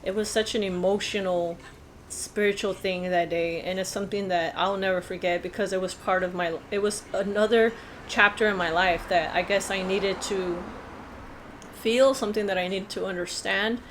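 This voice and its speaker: A woman's voice: medium pitch, steady tone, normal speed, a little hiss or hum. A woman vlogger telling a personal story in a casual, earnest, rambling way with many fillers.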